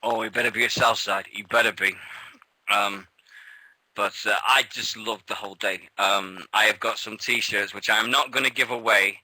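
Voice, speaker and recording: Bright-voiced British man telling stories. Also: on the low side, moderate pace, dry recording, rough recording. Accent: British English. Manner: excitable, laughing storyteller who swears freely. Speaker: radio show co-host. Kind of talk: casual chat.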